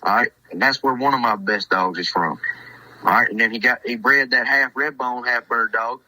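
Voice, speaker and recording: A man in his twenties talks as a podcast guest, laid-back and hesitant and full of fillers. His tone is very bright and forward, and the recording is close and dry. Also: medium pitch, moderate pace, dry recording, poor audio. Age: 20s. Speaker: hunting dog handler, guest. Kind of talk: casual podcast chat.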